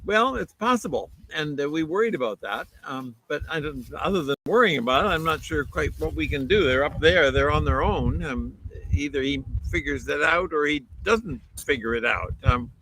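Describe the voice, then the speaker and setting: A man co-hosting an outdoor livestream, answering a viewer question in a halting, thoughtful way. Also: on the high side, expressive, a bit bright, a little hiss or hum, rough recording. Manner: hesitant, many fillers and restarts, thoughtful. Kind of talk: casual livestream chat.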